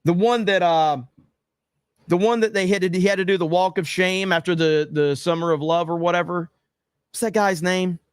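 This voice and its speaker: A male streamer with a slightly high voice, recorded close and dry with no room sound. He reads chat comments aloud in casual livestream commentary, blunt, excitable and quick to swear. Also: clean tone, no room sound. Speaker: streamer reading live chat.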